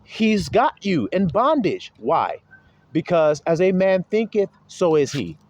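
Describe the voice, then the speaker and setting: A man's voice: high voice, sing-song, slow, muffled recording, background noise. A man preaching a sermon, pressing his listeners with rhetorical questions and calling them his little flock.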